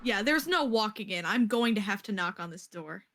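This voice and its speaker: A woman playing a character in a tabletop game, anxious and full of quick questions. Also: mid-range voice, expressive, a bit bright. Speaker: player.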